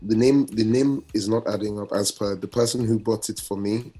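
A man with a low, husky voice co-hosts a casual podcast. He talks in a flustered, rambling way, restarting his sentences, while faint music plays under him. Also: normal speed, warm tone. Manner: flustered, rambling, self-correcting. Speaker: podcast co-host. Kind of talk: casual chat.

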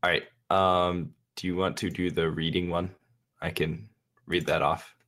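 Laid-back male co-host with a very deep voice. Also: little pitch movement, measured pace. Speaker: podcast co-host. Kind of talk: casual chat.

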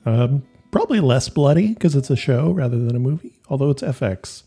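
A man's voice: medium pitch, animated, brisk, warm tone, breathy edge, soft background music. A man co-hosting a podcast in casual, jokey chat, recorded on a home office mic. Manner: chatty, jokey, laughs often. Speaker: podcast co-host.

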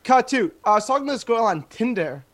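A man's voice: very high-pitched, lively intonation, a little fast. Podcast co-host, male, rambly and hesitant, loose casual chat. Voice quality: voice others call annoying. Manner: rambling, hesitant, lots of fillers.

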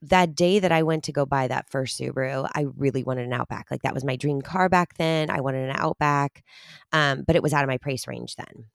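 A bubbly woman co-hosting a casual podcast, with a notably low voice. She is animated and chatty, with quick laughs and gasps. The sound is dry and close-miked. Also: creaky, no echo. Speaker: podcast co-host. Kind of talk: casual chat.

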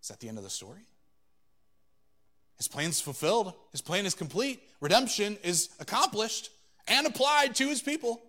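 A man preaching a sermon, swinging between loud emphatic peaks and quiet low asides, acting out quoted exchanges in a conversational voice. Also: very animated, normal speed. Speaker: pastor.

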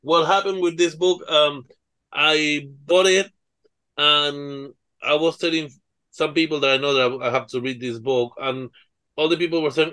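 A man's voice: fairly high pitch, steady tone, unhurried, bright, forceful tone, smooth, no room sound. A man co-hosting a book podcast, speaking hesitantly with many ums and repeated words. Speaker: podcast co-host. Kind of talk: casual chat.

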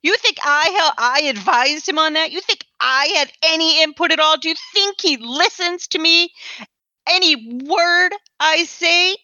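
A woman's voice: extremely high pitch, unhurried, pushed and bright, dry recording, lo-fi sound, exaggerated voice. A woman voicing a put-upon working woman who defends herself with sarcasm. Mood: indignant. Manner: indignant, sarcastic.

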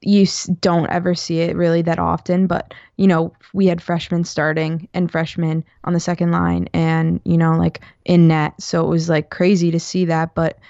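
A woman's voice: on the low side, little pitch movement, moderate pace, gravelly, hardly any pauses, darkish tone, dry recording. A woman in her twenties, a guest on an interview show, chatting casually with lots of fillers. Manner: chatty, filler-heavy storytelling. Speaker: guest, former college hockey player. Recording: dry, dull lo-fi sound.

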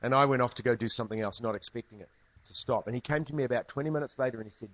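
A man's voice: mid-range voice, racing, muffled recording. A man preaching a sermon, telling stories with humorous asides. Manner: humorous storytelling, lively asides. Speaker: pastor.

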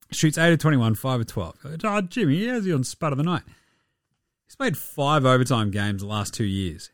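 A man's voice: mid-range voice, no echo, studio quality. Sweary man riffing on basketball. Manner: sweary, joking, rapid-fire stats. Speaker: basketball podcast host. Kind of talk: casual sports commentary.

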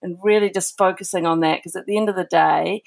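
A woman's voice: lowish voice, fast talker, creaky. A woman author, a guest on a podcast, chatting casually and telling stories with enthusiasm. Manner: enthusiastic, animated storytelling. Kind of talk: casual interview chat.

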